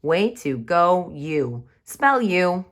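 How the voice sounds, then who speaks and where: A kindergarten teacher records a remote writing lesson for young children on camera at home, slowly sounding out words and reading her story with exaggerated expression. Her voice is fairly low, with big swings in pitch.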